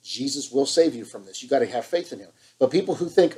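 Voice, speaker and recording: Man, preacher, impassioned online sermon, scolding, emphatic repetition, medium pitch. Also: expressive, quick pace, a little mellow, rough recording.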